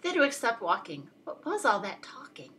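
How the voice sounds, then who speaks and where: A woman reading a children's picture book aloud, playful and expressive, talking to young listeners. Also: mid-range voice, normal speed, a little hiss or hum, rough recording.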